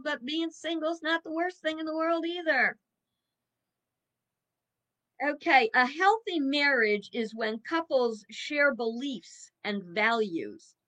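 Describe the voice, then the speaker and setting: A woman's voice: sits high, bright, forceful tone. A woman in her seventies, a minister giving a reflective evening talk in a folksy, musing way with chuckles. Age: 70s.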